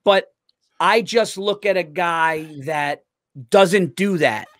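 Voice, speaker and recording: A comedian man, a guest on a podcast, chatting casually and teasing in an animated way. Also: high voice, takes it slowly, no echo, clean studio sound. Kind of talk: casual chat.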